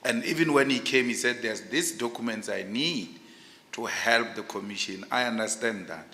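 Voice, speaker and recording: Male commissioner, sharp and tense tone, insistent questioner. Long hall reverb. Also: mid-range voice, normal speed. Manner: forceful and insistent, speaks loudly by habit. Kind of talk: pointed questioning at a hearing.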